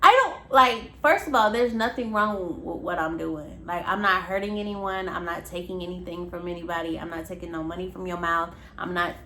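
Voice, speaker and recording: A woman's voice: on the low side, a little fast, few pauses. A woman telling a personal story in a casual, frank way, with lots of fillers as she replays what happened. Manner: frank, filler-heavy, animated retelling. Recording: echoey room, faint background hum.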